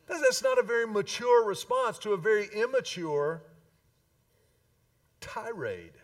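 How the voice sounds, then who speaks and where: Preacher, male, high voice, emphatic with dramatic pauses, heard from a distance in the room. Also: expressive. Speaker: pastor. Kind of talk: sermon.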